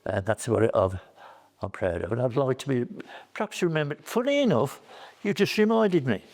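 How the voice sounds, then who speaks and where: A man's voice: medium pitch, expressive, moderate pace, creaky, a little mellow. An older man, a former college staff member reminiscing in an interview and telling chatty anecdotes.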